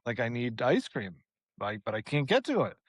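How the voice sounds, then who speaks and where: Animated man telling a story. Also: medium pitch, normal speed, husky, no echo. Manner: animated, swears freely, acts out quotes. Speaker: podcast co-host. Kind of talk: casual storytelling.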